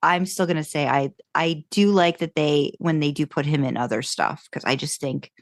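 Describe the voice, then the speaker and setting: A woman's voice: low voice, moderate pace, no room sound, clean studio sound. A woman co-hosting a fan podcast, chatting casually and rambling through her thoughts. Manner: rambling, restarts, upbeat. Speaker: podcast co-host.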